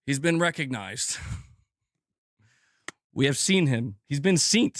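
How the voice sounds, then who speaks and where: A young adult man streaming about games, venting in a profane, animated way and acting out mock quotes of his critics. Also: medium pitch, takes it slowly, dry recording, clean studio sound. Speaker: gaming streamer. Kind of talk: casual livestream rant.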